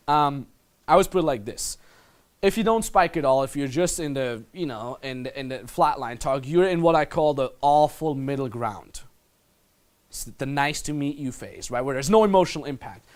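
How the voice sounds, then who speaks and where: A man coaching the listener on dating in a casual, blunt manner, swearing freely and calling the listener "my friend". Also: a little high. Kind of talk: instructional monologue.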